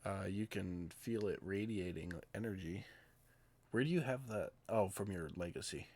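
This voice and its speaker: Relaxed male game master, lowish voice, loose delivery with fillers. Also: moderate pace. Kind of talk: running a live tabletop game.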